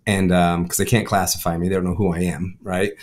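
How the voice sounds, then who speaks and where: A man, a father, telling his personal testimony in conversation, talking quickly and often checking in with "right?". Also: low voice, little pitch movement. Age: adult with a son. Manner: fast storytelling, frequent "right?" tags. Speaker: guest.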